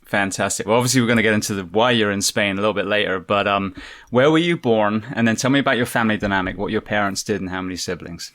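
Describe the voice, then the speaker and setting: A man hosting a podcast interview, asking questions in a relaxed conversational way. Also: on the low side, quick pace. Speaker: podcast host.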